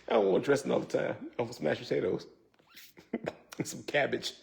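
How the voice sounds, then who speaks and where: A man's voice: medium pitch, a little slow, gravelly. A man hosting a casual cooking livestream, joking and laughing often as he chats to viewers. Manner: loose, joking, laughs often, says y'all. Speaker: cooking show host.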